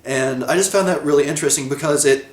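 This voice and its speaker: A man's voice: fairly high pitch, fairly quick. A man giving a casual video review of a TV episode, rambling, correcting himself and laughing often. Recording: echoey room.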